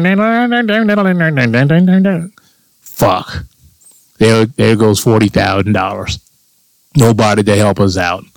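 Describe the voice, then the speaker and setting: A man's voice: on the low side, no echo, poor audio. A man telling a long personal story on his own show in a crude, sarcastic rant, swearing often. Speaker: podcast host. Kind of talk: casual profane monologue.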